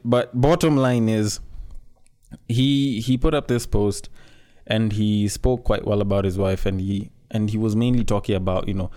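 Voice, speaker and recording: A man's voice: on the low side, warm tone. A man giving casual, frank commentary, talking conversationally and swearing freely.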